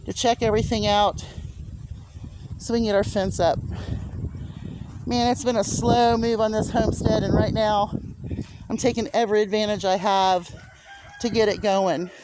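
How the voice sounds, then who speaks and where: A woman vlogging casually as she walks around her small farm outdoors, chatting to the camera and cooing at her animals in a sing-song voice. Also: darkish tone. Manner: chatty, rises to high sing-song baby talk with animals. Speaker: homestead vlogger. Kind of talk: casual walking farm vlog.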